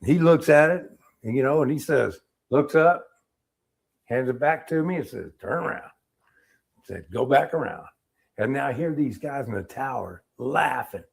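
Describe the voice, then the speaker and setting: A middle-aged man, an Army veteran, telling war-era stories in a casual interview, animated and acting out what people said. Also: medium pitch, moderate pace, creaky, breathy edge. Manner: animated storyteller, acts out quotes, laughs.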